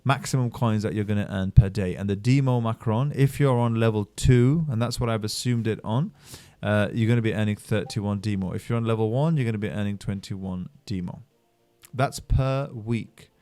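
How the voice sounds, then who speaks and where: A man hosts his own channel and talks through a screen-share explainer. He is upbeat and salesy, and his pitch and loudness swing widely. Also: normal speed. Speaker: channel host reviewing mining projects.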